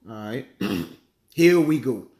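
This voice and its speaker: A man giving a casual sermon, chatting loosely and reading Bible verses slowly while he hunts for passages. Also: mid-range voice, big pitch swings, darkish tone, echoey room. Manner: conversational, peppers lines with "man" and "all right"; reads verses slowly, searches aloud for passages. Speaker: bible teacher.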